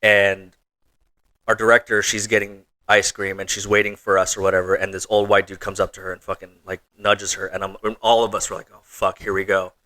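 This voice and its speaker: A man's voice: lowish voice, little pitch movement, brisk, pushed and bright. A man in casual podcast chat, laid-back and slangy. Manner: laid-back, slangy, peppers talk with "bro" and "dude".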